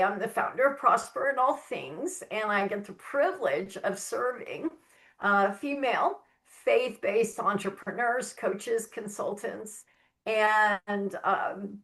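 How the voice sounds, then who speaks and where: Earnest woman guest, slow and deliberate. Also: medium pitch, fairly bright tone. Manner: earnest, heartfelt testimony with emphatic stresses. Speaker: podcast guest, author and mentor. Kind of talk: faith-based podcast interview.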